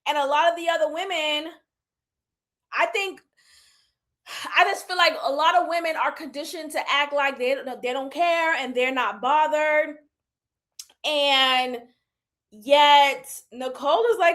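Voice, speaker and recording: A woman in her thirties giving candid, animated commentary on a reality show and laughing often. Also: sits high, measured pace, pauses often. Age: 30s. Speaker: reality TV reviewer. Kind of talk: casual commentary.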